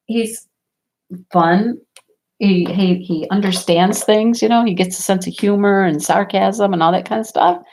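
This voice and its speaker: A woman vlogger telling stories in a casual chat, animated and often laughing. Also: on the low side.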